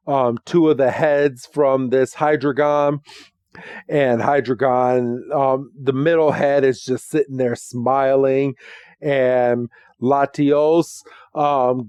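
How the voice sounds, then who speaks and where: A man's voice: mid-range voice, darkish tone, smooth, no room sound, studio quality. A man hosting a podcast, recapping a cartoon episode in a casual, chatty way with plenty of ums. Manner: chatty, with frequent ums and quick acted quotes. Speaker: podcast host.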